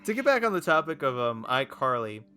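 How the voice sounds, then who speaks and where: A young man chatting on a podcast, talking in loose, rambling runs full of restarts and "like"s. His voice sits at an ordinary middle pitch. Faint music plays behind him. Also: very animated, brisk, pushed and bright. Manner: rambling, many restarts and fillers. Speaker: podcast co-host. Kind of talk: casual podcast chat.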